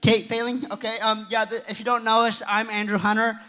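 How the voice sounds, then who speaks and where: A teenage boy giving a youth-group talk, telling rambling, excitable stories. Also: high voice, brisk. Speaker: youth speaker. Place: church hall. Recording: reverberant hall.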